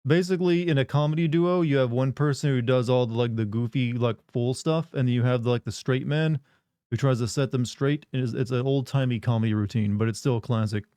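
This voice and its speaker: A man riffing with his live chat in loose, joking banter. His voice is warm and mellow at a middling pitch. He is recorded close and dry on a desk mic. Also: brisk, smooth, no echo. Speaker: livestream host. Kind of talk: casual live-stream chat.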